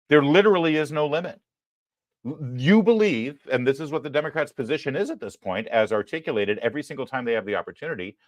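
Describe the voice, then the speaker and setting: A man hosting a live political commentary show, talking in a sarcastic, emphatic way with quick apologetic asides. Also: mid-range voice, dry recording. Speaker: host.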